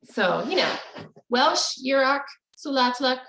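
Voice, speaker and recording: A woman's voice: high-pitched, sing-song, slow, a bit bright, echoey room, rough recording. A woman teaching a casual online language lesson, explaining in a chatty way and laughing easily, over a video call. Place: room with echo, video call.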